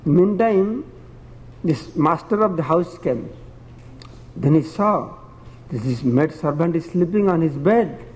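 A man's voice: a little high, animated, takes it slowly, long pauses, a little mellow, long reverb tail, poor audio. A man preaching a devotional sermon and telling parables in simple, broken phrasing, chuckling at his own stories.

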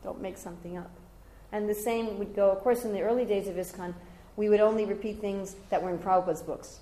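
Older woman, devotional class teacher, animated storyteller, mid-pitched, recorded in a roomy space. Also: quick pace. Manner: animated storyteller, jumping high when quoting others. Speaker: teacher giving a scripture class. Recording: roomy echoey room.

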